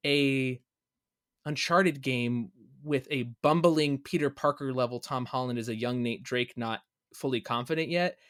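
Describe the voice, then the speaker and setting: A man co-hosting a casual gaming podcast, ranting with animated energy and joking. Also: medium pitch, measured pace, clear, resonant tone, no echo, clean studio sound. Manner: animated, ranting, jokes in put-on voices. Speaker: podcast co-host.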